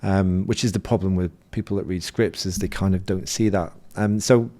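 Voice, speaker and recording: Low-voiced man telling a story. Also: normal speed. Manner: animated, anecdotal, acts out quotes. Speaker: podcast guest, hypnosis coach. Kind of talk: conversational storytelling.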